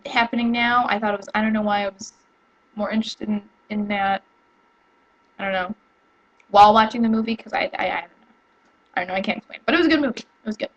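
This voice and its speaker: Young woman vlogging at home, chatty and excitable, kinda muffled lo-fi audio. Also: medium pitch, brisk, pauses often. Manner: rambling and excitable, with many fillers and restarts. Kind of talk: casual chat to camera. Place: home room.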